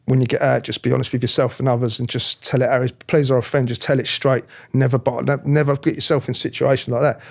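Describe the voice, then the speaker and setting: A middle-aged man telling his story in an interview, animated, acting out other people's voices, often restarting his sentences. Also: mid-range voice, quick pace, creaky, few pauses. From England. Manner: animated, acts out quoted voices, frequent restarts. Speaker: interviewee, former police officer.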